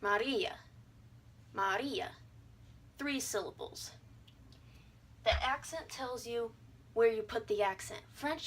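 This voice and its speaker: A woman's voice: on the high side, breathy edge. A young adult woman giving a casual video lesson, breezy and irreverent, sounding out vowels and words as she explains. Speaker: language teacher.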